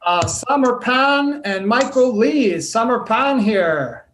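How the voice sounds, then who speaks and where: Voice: mid-range voice, lively intonation, takes it slowly, background noise. A host running an online comedy contest, announcing acts and results over a video call. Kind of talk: hosting an online comedy show.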